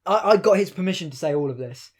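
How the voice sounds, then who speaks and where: High-voiced young man telling stories. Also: fast talker. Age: young adult. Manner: animated, laughs while retelling, mimics others' voices. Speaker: podcast co-host. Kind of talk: casual storytelling chat.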